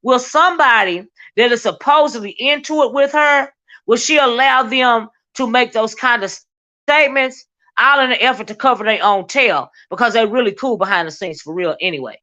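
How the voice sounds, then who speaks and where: A woman's voice: fairly high pitch, sharp tone. Sassy woman gossiping on a livestream. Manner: sassy, drawn-out asides of "child", reads chat comments aloud. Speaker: livestream commentary host. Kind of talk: casual livestream gossip commentary. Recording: dull lo-fi stream audio.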